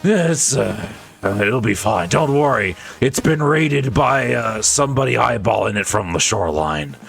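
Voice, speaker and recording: A man's voice: medium pitch, expressive, normal speed, gravelly, fairly bright tone, husky, soft background music. A man streaming a game, reading its dialogue aloud and joking with his chat between lines in a playful, chuckling way.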